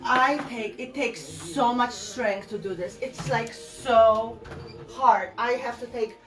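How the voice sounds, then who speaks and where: A woman's voice: fairly high pitch, slow pace, fairly bright tone. Chatty middle-aged woman, distant mic, music. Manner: chatty, talks to viewers while demonstrating. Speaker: furniture painter hosting a live stream. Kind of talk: casual live-stream chat while working.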